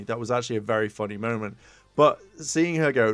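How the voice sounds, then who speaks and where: A man of ordinary pitch recaps an episode in a loose, rambling way, piling on fillers and slipping into quick impressions of the characters. His voice sits close and dry, with no room sound around it. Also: no room sound. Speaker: podcast co-host reviewing a tokusatsu episode. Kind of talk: casual recap.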